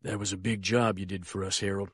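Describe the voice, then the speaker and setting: A man doing a quiet, sinister colonel. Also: flat delivery, fast, no room sound, studio quality. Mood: quietly menacing. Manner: low, quiet, smoothly menacing. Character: cold, calculating older male militia colonel.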